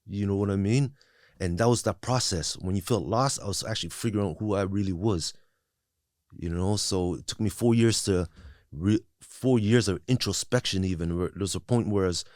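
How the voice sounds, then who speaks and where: A man's voice: fairly low pitch, no room sound, clean studio sound. A man as a podcast guest, talking candidly and reflectively about his past, with frequent restarts and "you know what I mean.". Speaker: guest sharing recovery story. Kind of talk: candid conversational interview.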